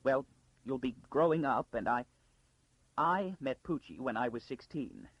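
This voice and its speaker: A man voicing a frightened, frantic noblewoman who pleads urgently, with a gravelly, husky edge. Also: medium pitch, animated, unhurried, dry recording, low-quality recording. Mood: muttering.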